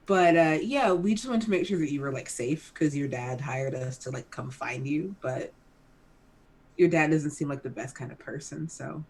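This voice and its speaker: A woman's voice: deep voice, normal speed, a little mellow. A woman playing in a tabletop game, wry and laid-back. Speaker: player. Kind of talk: casual tabletop play.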